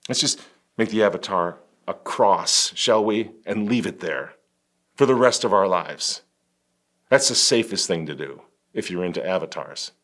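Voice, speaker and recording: A man's voice: low-pitched, expressive, measured pace, a bit bright. A man hosting a religious political commentary, talking emphatically with biting sarcasm and wry laughs. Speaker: host.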